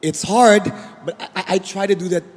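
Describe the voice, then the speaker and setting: Man, high voice, lively panel talk, repeats words, long hall echo. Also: a little fast. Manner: animated, repeats words, addresses the audience directly. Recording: long reverb of a large event hall.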